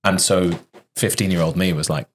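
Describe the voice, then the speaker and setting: A man hosting a podcast in a relaxed, reflective way, with a softened British accent. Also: sits low, normal speed, a little hiss or hum. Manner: reflective, laughs along, lively when joking. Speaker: podcast host. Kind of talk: casual podcast chat.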